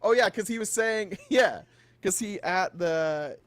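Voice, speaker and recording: A man's voice: high-pitched, a little slow, a bit bright, no room sound. Joking man in a dry close recording. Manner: joking, laughs often, mimics others. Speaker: co-host. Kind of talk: casual political commentary.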